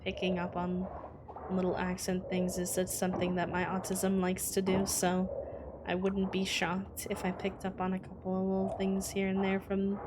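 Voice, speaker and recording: A woman's voice: mid-range voice, completely flat delivery, normal speed. A young adult woman chatting casually to her live-stream audience, rambling and correcting herself with many fillers. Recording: clear background noise.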